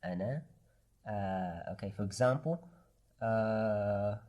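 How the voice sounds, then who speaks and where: A man's voice: on the low side, slow pace, a little mellow. A man who teaches English, explaining a website in a hesitant way with many fillers. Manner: hesitant, many ums and uhs. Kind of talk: screen-share tutorial.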